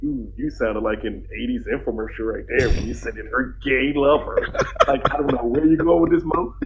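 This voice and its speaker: A man's voice: medium pitch, a little fast. A man co-hosting a podcast who teases his partner, laughs often and jumps in to interrupt. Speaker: podcast co-host. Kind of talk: casual chat reacting to a TV episode. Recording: lo-fi podcast audio with faint noise.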